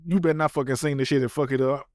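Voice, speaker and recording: A man's voice: medium pitch, steady tone, rapid-fire, a little mellow, no echo, clean studio sound. A man co-hosting a podcast who keeps teasing his friend and insisting on his point. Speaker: podcast co-host. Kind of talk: casual chat.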